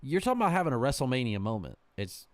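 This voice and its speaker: A man's voice: mid-range voice, very animated, rapid-fire, no room sound. A man hosting a podcast in casual chat, blunt and swearing freely, often trailing off with ums. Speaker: podcast host.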